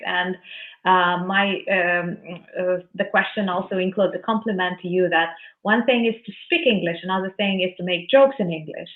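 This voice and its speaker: A woman with a Ukrainian accent joins a live chat as a guest over a video call and speaks in a friendly, complimentary way. Her voice is at a middle pitch, and the call line makes it thin and tinny.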